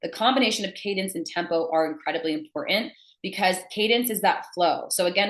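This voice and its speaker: Young adult woman, sales coach, emphatic and blunt, lowish voice, echoey room. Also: brisk, hardly any pauses. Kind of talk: teaching to camera.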